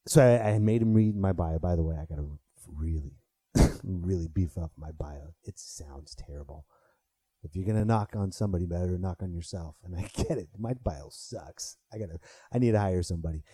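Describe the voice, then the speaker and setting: Male comic in his thirties, casual podcast monologue, mellow voice, dry close recording. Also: low voice, brisk, husky, dry recording. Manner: animated, swearing, rises sharply when riled. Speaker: podcast host and stand-up comedian.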